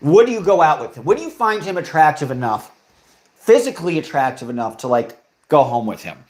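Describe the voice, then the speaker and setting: Lively, offhand young man streaming live. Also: fairly high pitch, brisk. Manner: offhand, sarcastic, reacts to chat comments. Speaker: livestream host reading chat. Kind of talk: casual livestream chat.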